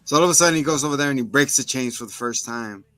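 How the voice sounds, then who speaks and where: A man co-hosting a casual show, retelling a movie plot with lots of swearing and quick put-on voices. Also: mid-range voice, dry recording, faint music behind. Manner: animated storyteller, acts out voices, swears. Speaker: podcast co-host. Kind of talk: casual chat, movie recap.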